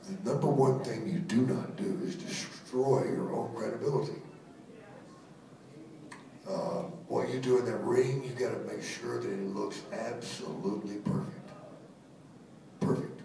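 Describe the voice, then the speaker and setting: A middle-aged man telling wry, profane stories as a former wrestler at a live question-and-answer event. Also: medium pitch. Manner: gruff, profane, wry storyteller. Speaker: retired wrestler at a Q&A. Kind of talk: storytelling at a live Q&A. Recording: echoey hall, voice from far off, noisy.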